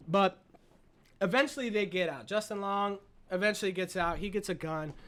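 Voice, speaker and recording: A man recapping a horror movie in a casual, profane, excited and rambling way, seated at his desk. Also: fairly high pitch. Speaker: movie reviewer.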